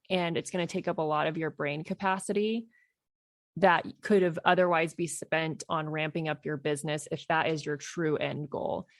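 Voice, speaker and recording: A woman's voice: on the low side, no echo. A woman podcast host giving casual, conversational business advice in a Q&A episode, laughing easily. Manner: conversational, laughs often, advisory.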